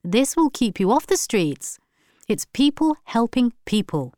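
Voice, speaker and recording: A woman's voice: on the high side, big pitch swings, a little slow, warm tone, no room sound, clean studio sound, voice pushed up. A woman voicing a stern school headmistress who lectures firmly, in a read-aloud story. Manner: firm, lecturing.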